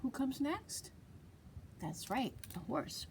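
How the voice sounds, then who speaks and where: A woman's voice: high-pitched, lively intonation, slow, breathy edge. Sing-song woman reading to children. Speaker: children's librarian. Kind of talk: storytime read-aloud.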